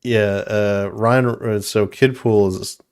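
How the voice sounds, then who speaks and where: A man's voice: fairly low pitch, steady tone, slow pace, a little mellow, clear, resonant tone. A man co-hosting a podcast, retelling movie scenes in a rambling, enthusiastic way with fillers. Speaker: podcast co-host. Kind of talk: casual movie review chat.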